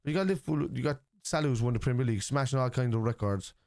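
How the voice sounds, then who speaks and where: An Irish man talks loosely and bluntly on a live stream, tossing out strong opinions and swearing freely. His voice sits at an ordinary middle pitch. The sound is close and dry, with hardly any room around it. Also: racing, darkish tone, no room sound. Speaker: livestream host reacting to a football match. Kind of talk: casual live watchalong chat, reading out viewer messages.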